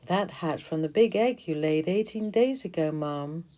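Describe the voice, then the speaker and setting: A woman's voice: fairly low pitch, expressive, a little slow, dark tone. A woman voicing dutiful worker bee attendants in a deferential, subdued manner.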